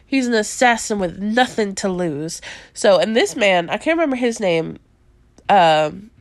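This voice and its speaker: A young woman hosting a casual podcast about movies, talking in an animated way with a lot of fillers and frequent laughter. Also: mid-range voice, no room sound. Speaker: podcast host. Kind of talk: casual chat reviewing movies.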